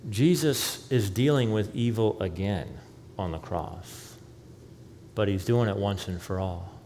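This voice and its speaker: A male pastor preaches a sermon in a church sanctuary, telling the story with animation and acting out the quoted lines. His lowish voice is unhurried and darkish in tone. The recording has long hall reverb, faint ambience, and a little hiss or hum.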